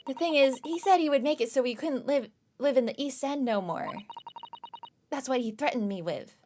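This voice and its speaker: A woman's voice: high voice, moderate pace, mellow, a little hiss or hum, pitched above the performer's own voice, close to an everyday voice. A woman doing a blunt young Cockney girl. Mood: defiant. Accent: put-on Cockney. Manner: blunt street slang. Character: poor young Cockney girl from the slums, defiant. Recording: game music behind voice.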